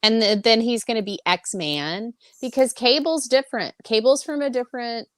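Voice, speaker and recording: A woman co-hosting a casual pop-culture podcast, excitable and quick to laugh. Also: on the high side, no room sound, studio quality. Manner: excitable, laughs often, animated. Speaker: podcast co-host.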